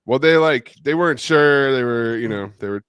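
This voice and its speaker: A man's voice: mid-range voice, moderate pace, clear, resonant tone, no room sound, dull audio. A man co-hosting a podcast, teasing his friends in wry, casual chat. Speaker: podcast co-host.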